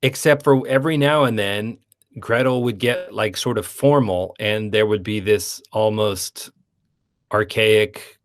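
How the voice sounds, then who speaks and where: Man, somewhat low voice, film podcast co-host, casual chat, animated, plays out quoted lines. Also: measured pace. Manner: animated, acts out quoted dialogue in playful voices.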